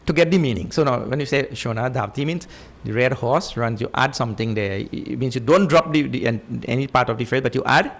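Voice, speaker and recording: A man's voice: mid-range voice, brisk, creaky, few pauses. A man teaching scripture in a lecture, repeating key points and acting out stories. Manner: animated teaching with acted-out stories.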